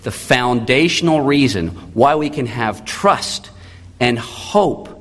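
A male pastor in his thirties preaching, his mid-range voice carried by a long hall reverb. He swings from loud emphatic lines to hushed, intimate ones. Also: medium pitch, slow pace. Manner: animated, shifting between loud emphasis and quiet intimate tones. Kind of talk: sermon.

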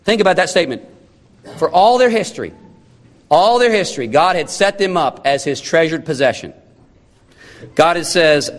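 A man's voice: on the high side, animated, moderate pace, pauses often, big-room sound. A man preaching a sermon, emphatic and full of rhetorical questions. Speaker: pastor.

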